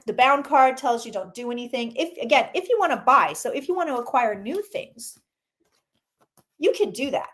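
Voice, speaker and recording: A woman with a high, bright-sitting voice reads tarot cards live for her viewers. She talks casually and excitably, swears a little, and keeps breaking off to greet people in the chat. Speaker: psychic reading tarot on a livestream.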